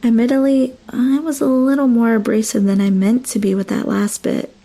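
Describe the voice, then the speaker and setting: A young woman telling a first-person horror story, her voice a bit high yet mellow and soft-edged. She narrates with dramatic, emotional intensity, letting the dread build line by line. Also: little pitch movement, moderate pace, gravelly.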